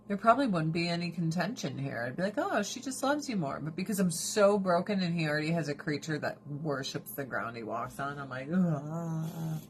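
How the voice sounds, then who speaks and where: A woman hosting a casual livestream, talking in a lowish voice with blunt, profane candor and frequent laughter. A faint hiss of noise sits under her speech. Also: a bit bright. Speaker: livestream host.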